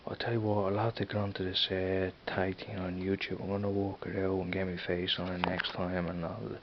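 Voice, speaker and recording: A man's voice: deep voice, level tone, fairly quick, highs cut off, heavy background noise. A man with a Dublin accent chatting casually in a home vlog, rambling and repeating "you know what I mean". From Ireland. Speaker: vlogger. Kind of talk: casual accent tag video.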